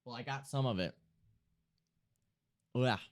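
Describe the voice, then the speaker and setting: A man's voice: medium pitch, takes it slowly, no echo, clean studio sound. A young man streaming from home, chatting casually and self-mockingly to himself and his chat while he draws.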